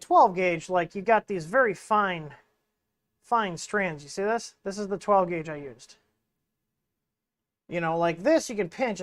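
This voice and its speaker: A man's voice: high voice, no room sound. Guy rambling thru a hands-on tech stream, lots of "like", dry close sound, wireless mic. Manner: rambling, filler-heavy, explains while tinkering. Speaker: livestream host. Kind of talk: casual hands-on tech livestream.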